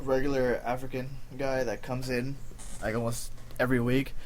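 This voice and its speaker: A man's voice: medium pitch, moderate pace, a little hiss or hum. A young man co-hosting a casual podcast, chuckling as he retells his own anecdotes. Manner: relaxed, chuckling, quotes himself in anecdotes. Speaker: podcast co-host. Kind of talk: casual chat.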